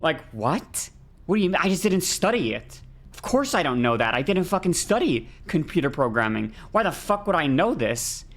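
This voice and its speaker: A woman's voice: deep voice, very animated, moderate pace. A woman talking to her stream audience while she plays a game. She rants in a loose, casual way, swearing heavily and tripping over her own sentences as she restarts them. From not American. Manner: ranting, heavy swearing, frequent restarts.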